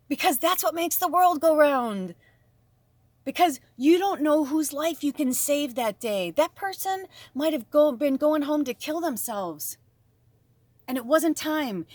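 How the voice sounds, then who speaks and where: A woman's voice: sits high, animated, unhurried, darkish tone, no room sound. Gushing, emotional woman card reader. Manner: gushing, emotional, talks straight to viewers. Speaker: tarot reader. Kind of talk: emotional spiritual card reading.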